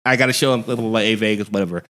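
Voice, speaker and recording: A man, a stand-up comedian, chatting casually on a podcast and telling animated, profane stories. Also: lowish voice, racing.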